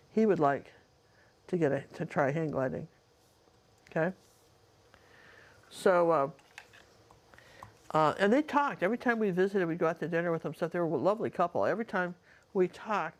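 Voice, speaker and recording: A woman, a painting teacher, casually telling a personal story in a chatty, rambling way with lots of asides. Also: low-pitched.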